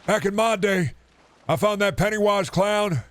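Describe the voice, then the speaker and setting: A man doing an impression of a brash tough-guy wrestler, bragging with shouted catchphrases. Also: sits high, moderate pace, voice pushed up, close to an everyday voice. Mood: macho. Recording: game noise behind.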